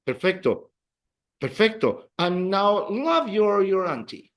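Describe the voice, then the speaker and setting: Male language teacher, slow and lively, patient repeater, classroom lesson. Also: sits high. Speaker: Spanish teacher.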